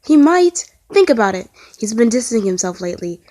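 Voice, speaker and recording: A woman's voice: big pitch swings, fairly quick, mellow. A woman voicing a frantic, babbling young man. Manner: babbling, high and fretful.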